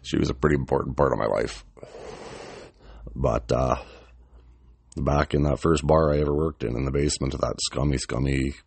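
A man's voice: a bass voice, fairly even intonation, normal speed, creaky, long pauses, a little mellow, no echo. A middle-aged man casually telling an old story, swearing freely and chuckling as he rambles.

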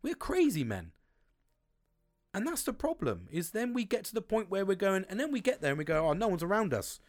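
A man talks to his podcast listeners in a loose, candid monologue. His voice swings widely between low and high. He swears often and leans hard on his words. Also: huge pitch swings, a little fast, a little mellow, faint music behind. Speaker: podcast host. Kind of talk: casual monologue. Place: home, outdoors on a sunny afternoon.

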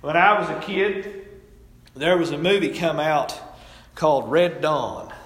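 Folksy preacher in an echoey hall. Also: male voice, a little high, expressive, unhurried, fairly bright tone. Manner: folksy, storytelling preacher with rising and falling emphasis. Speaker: pastor. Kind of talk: sermon. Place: church sanctuary. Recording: echoey hall, distant mic.

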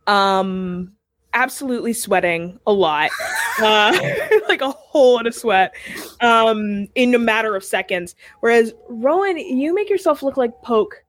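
A woman's voice: fairly high pitch, animated, a little slow. A woman narrating as game master, describing the scene with frequent little asides.

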